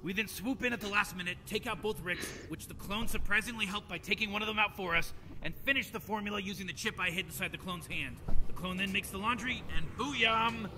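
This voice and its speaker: A man's voice: high-pitched, brisk, big-room sound, background noise, close to an everyday voice. An actor playing a smug, scheming old male mad scientist in a video game, explaining things in a rambling, offhand way. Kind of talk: video game character dialogue.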